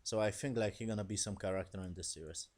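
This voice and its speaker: Speaking fast in a fairly low, darkish voice, this man recaps a show episode casually as a TV series reviewer. He rambles, swears offhandedly, and keeps dropping "basically" and "yes?".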